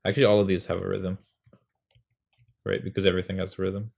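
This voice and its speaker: A man's voice: sits low, monotone, fast, vocal fry, darkish tone. A young man explaining how to write a poem in a casual, rambling, self-mocking way, sounding out rhythms aloud. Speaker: poetry tutorial host.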